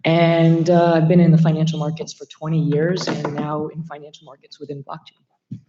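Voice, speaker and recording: A woman's voice: deep voice, flat delivery, moderate pace, warm tone, a little hiss or hum. A woman introducing herself on a conference panel in a playful, joking way. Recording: echoey hall, dull, faint clicks.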